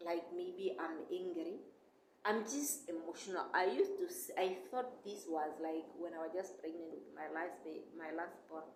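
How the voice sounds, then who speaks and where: A woman's voice: mid-range voice, a little mellow. A young woman vlogger chatting casually and emotionally, rambling and calling her viewers "guys". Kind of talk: casual chat. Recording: echoey room with faint noise.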